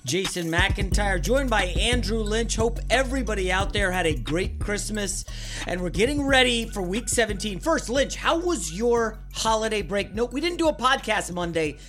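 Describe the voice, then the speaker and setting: An excitable man hosts a sports betting podcast and tells his stories with a lot of energy. His pitch swoops up and down widely as he talks. His voice has a bright, forceful edge. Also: normal speed, soft background music. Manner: excitable, animated storyteller. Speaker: podcast host.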